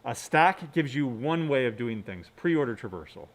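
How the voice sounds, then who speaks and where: A man's voice: medium pitch, lively intonation, moderate pace. A man giving a recorded computer science lecture, explaining step by step and often checking in with "right?". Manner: mutters quietly to himself while working on screen. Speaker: university lecturer.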